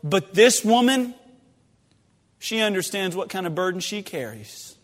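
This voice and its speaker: A man preaching a sermon as pastor, moving between loud, fervent pleading and hushed storytelling, recorded in a church sanctuary. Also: sits high, animated, measured pace. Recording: long reverb of a church sanctuary.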